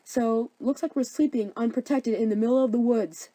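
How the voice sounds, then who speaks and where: A woman's voice: a little high, normal speed, mellow, no room sound, natural voice. A woman voicing Lysander, a brash, fickle young man who talks smugly. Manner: brash, smug.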